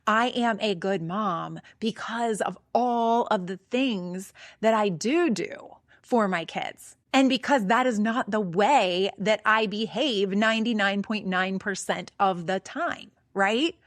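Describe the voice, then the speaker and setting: A woman's voice: medium pitch, slow pace, no room sound, studio quality. A middle-aged woman hosting a podcast, telling a personal story in an earnest, conversational way with plenty of fillers. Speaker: podcast host.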